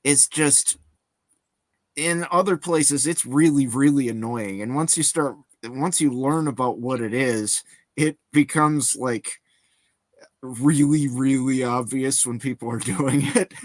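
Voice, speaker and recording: A man's voice: medium pitch, takes it slowly, no echo. Dry-sounding man explaining things. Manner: explanatory, hesitant, with fillers. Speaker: co-host. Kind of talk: casual chat.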